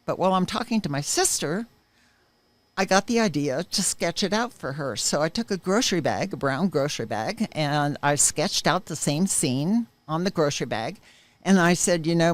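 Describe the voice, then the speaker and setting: Deep-voiced and recorded dry, a woman recounts a personal experience during an interview. Her emotional testimony is earnest, with vivid, forceful moments.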